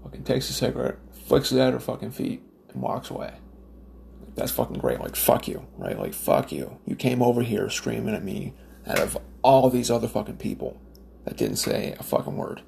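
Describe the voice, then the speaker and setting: A man's voice: mid-range voice, wildly swooping pitch, moderate pace, vocal fry, darkish tone, a little hiss or hum. A man from Nova Scotia, Canada, ranting in a casual, profane, rambling monologue with lots of fillers and restarts. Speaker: smoker telling stories.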